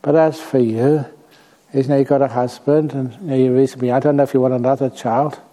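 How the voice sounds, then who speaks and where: A man acting as a Buddhist teacher, telling a story to an audience in an unhurried way with light humor. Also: mid-range voice, fairly even intonation, mellow.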